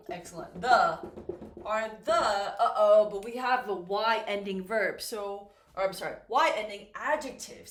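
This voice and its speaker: A woman teaching English grammar, explaining slowly and patiently and asking learners questions as she goes. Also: fairly high pitch, fairly bright tone. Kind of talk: slow, clear classroom explanation. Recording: echoey room with faint noise.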